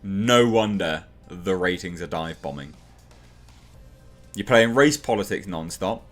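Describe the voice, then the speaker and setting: A man's voice: expressive, measured pace, soft background music. Exasperated ranting male reviewer. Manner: exasperated, sarcastic, mocks characters in high put-on voices; swears and repeats himself for emphasis. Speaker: TV show reviewer.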